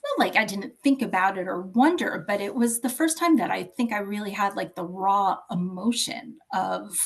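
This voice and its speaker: Woman in her 50s telling her story on a podcast, chatty and thoughtful, mid voice, goes quiet and whispery on the touchy bits. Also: medium pitch, moderate pace, low-quality recording. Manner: reflective, chatty, drops to near-whisper for secrets. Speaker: podcast guest. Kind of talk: candid personal interview.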